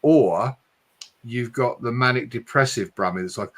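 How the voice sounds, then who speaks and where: A man with an accent that mixes Essex and London, hosting a late-night live stream in a chatty way and speeding up when he gets excited. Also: mid-range voice, measured pace. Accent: mix of Essex and London English. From Hertfordshire, England. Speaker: livestream host.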